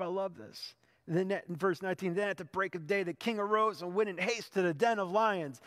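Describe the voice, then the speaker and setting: A man with a high, slightly bright voice preaches from the pulpit of a church sanctuary. As pastor, he relates the story in a conversational manner, rising to emphatic peaks, while the church hall adds a long reverb.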